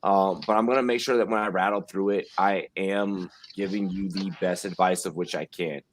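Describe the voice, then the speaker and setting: Male host, low-ish voice, loud and profane, rambling fantasy football talk. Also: fairly even intonation, normal speed, a little hiss or hum. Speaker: podcast host. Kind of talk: casual sports chat.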